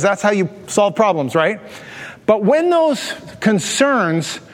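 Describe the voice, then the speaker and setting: A man preaching a sermon as a pastor, telling stories animatedly and acting out quotes. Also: high-pitched. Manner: animated storytelling with acted quotes. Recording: reverberant hall.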